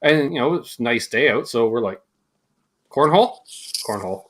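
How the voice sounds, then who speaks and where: A man's voice: medium pitch, brisk. A Canadian man hosting a casual livestream chat, telling joking stories. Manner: joking, animated storytelling. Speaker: host.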